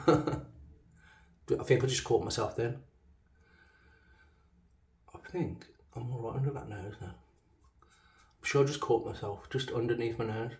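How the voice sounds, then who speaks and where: A man with a broad Black Country accent talks casually as he shaves, rambling and correcting himself with easy laughs. His voice sits at an ordinary middle pitch. The sound bounces around a small echoey bathroom. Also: measured pace, long pauses, darkish tone, recorded from a distance. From Black Country, England. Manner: chatty, self-correcting, laughs easily. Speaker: shaving channel host. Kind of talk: casual rambling shaving commentary.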